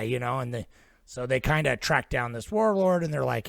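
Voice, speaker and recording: A man's voice: medium pitch, lively intonation, normal speed, gravelly, fairly bright tone, no echo, clean studio sound. A man hosting a podcast, retelling a film plot in a rambling, casual way with lots of swearing. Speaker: podcast host. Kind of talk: casual film-recap chat.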